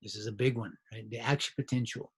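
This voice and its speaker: A biology instructor gives a recorded review lecture in a conversational style, constantly asking "right?" and restarting his phrases. He speaks quickly in a husky, mid-range voice with a steady tone.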